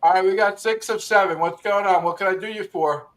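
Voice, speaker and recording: A man's voice: high voice, fairly even intonation, brisk, fairly bright tone, rough recording. A man hosting a call-in talk show, brash and profane, often repeating himself.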